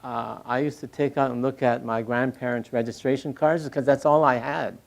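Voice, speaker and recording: Older male interviewee, reflective, stop-start phrasing with soft laughs, mid-pitched voice. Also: fairly even intonation, gravelly. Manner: halting, many restarts, soft laughs. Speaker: poet and critic interviewee.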